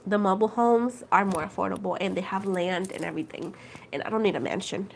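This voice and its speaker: A chatty woman talks straight to her livestream audience, calling them "guys" and "girl". Her voice sits at an ordinary middle pitch. She tells little stories with animated energy and goes back over each point a second time. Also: moderate pace, a little hiss or hum. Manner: addresses viewers as "guys" and "girl". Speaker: tarot reader livestreaming. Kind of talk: casual livestream chat.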